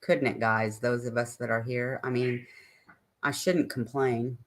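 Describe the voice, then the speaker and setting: A woman's voice: very deep voice, fairly even intonation, measured pace. An older woman hosting a live stream, chatting casually and ramblingly with her viewers and answering their comments.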